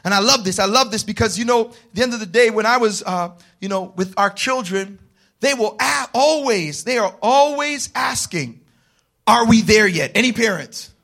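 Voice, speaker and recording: A man preaching a sermon, calling on the congregation to answer and rising into shouted, passionate passages. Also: high-pitched, expressive, moderate pace, creaky. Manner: call-and-response with the congregation. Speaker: pastor.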